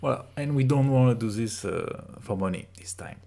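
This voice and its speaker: A man's voice: medium pitch, normal speed, gravelly, dark tone. A man with a French accent co-hosting a casual podcast, teasing and joking, slipping French words into his talk. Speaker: podcast co-host. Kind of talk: casual chat.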